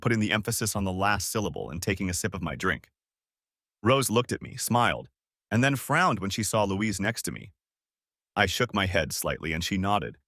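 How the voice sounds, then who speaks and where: Deep-voiced man narrating a story. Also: a bit bright, no echo, studio quality. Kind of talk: first-person audiobook narration.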